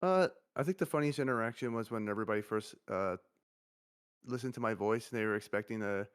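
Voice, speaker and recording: Deep monotone man, soft-spoken guest. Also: fast, clear, resonant tone. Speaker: guest, company CEO. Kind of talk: casual stream chat.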